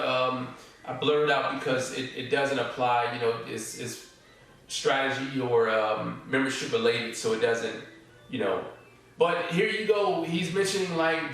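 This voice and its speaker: A man's voice: medium pitch, normal speed, fairly bright tone, soft background music. Casual, distant man with echo. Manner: casual, repetitive, stops often to say "all right?" and "okay?". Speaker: forex trading course instructor. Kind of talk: reading and commenting on student testimonials.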